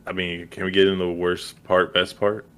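A man's voice: low voice, flat delivery, moderate pace, fairly bright tone, clean tone. A man co-hosting a casual movie podcast, speaking bluntly with lots of swearing and filler words. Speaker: podcast co-host. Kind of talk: casual movie review chat.

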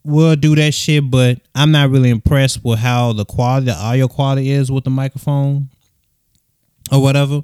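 A young man hosting his own casual solo podcast, talking softly and rambling with slang, swearing and lots of fillers, recorded on a USB microphone into his phone. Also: steady tone, normal speed, clear, resonant tone, no echo, studio quality. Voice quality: soft, low-key voice. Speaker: podcast host.

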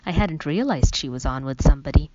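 A woman's voice: low-pitched, lively intonation, fast talker, noisy background. A woman reading a first-person story aloud in a wry, conversational way. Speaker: audiobook narrator. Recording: dull, dry lo-fi recording.

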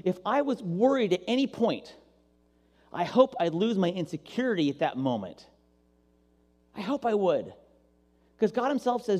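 A male pastor giving an animated, playful sermon and acting out voices, recorded with long hall reverb. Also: sits high, moderate pace, pauses often.

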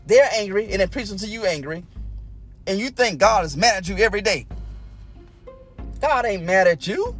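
A man preaching a sermon, folksy and repetitive, swinging from loud exhortation to low, close talk. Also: animated, moderate pace, pauses often, soft background music. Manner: folksy, repeats phrases, speaks in tongues.

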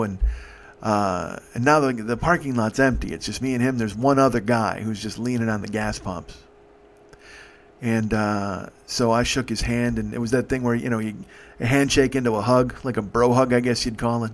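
Emotional man telling a story. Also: mid-range voice. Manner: emotional, profane, halting with restarts. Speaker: podcast host. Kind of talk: personal storytelling.

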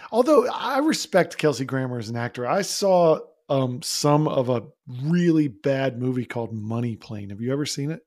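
A man's voice: medium pitch, big pitch swings, moderate pace, hardly any pauses, darkish tone. A man co-hosting a podcast, talking through a film in a casual, opinionated way and laughing often. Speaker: podcast co-host. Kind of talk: casual movie discussion.

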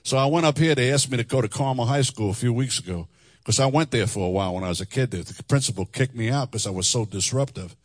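A middle-aged man preaching a testimony sermon, animated, singing phrases and laughing asides. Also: mid-range voice, quick pace, no room sound, clean studio sound. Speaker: chaplain and preacher. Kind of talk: testimony sermon with sung lines. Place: church hall before a congregation.

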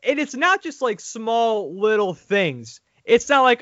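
A man hosting a sports podcast in casual, crude chat. His voice sits high, and the audio is dry and dull. He talks in an animated way with laughing asides. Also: unhurried, hardly any pauses, no room sound. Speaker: podcast host.

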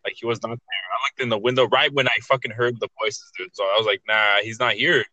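A man's voice: medium pitch, steady tone, fast, sharp tone, no echo, lo-fi sound. A young man telling creepy stories in a casual chat, rambling with heavy slang, swearing and many restarts.

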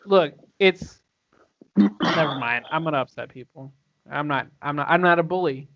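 Animated swearing young man, higher voice. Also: moderate pace. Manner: animated, swearing, laughs while telling stories. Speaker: podcast guest. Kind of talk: casual chat. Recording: dull lo-fi sound.

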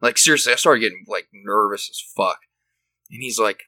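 A man's voice: fairly low pitch, normal speed, sharp tone, dry recording, rough recording. A young man telling rambling, profane stories in casual chat.

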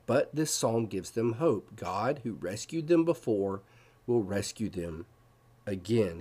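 A man's voice: on the low side, warm tone, husky. A man giving a devotional Bible teaching, explaining verses and asking his listeners questions.

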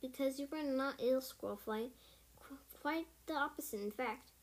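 An old she-cat spirit from a storybook, solemn and regretful, voiced by a woman reading aloud. She speaks slowly and gravely, the voice only slightly high.

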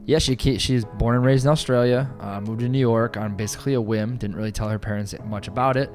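A man's voice: mid-range voice, steady tone, fast, darkish tone, faint music behind. A man co-hosting a podcast, chatting in an easygoing, agreeable way. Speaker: podcast co-host. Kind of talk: casual chat.

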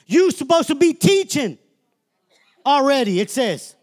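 A man's voice: very high voice, sing-song, a little slow, darkish tone. A man preaching a sermon as minister, emphatic and colloquial, often calling out "Amen?" to the congregation.

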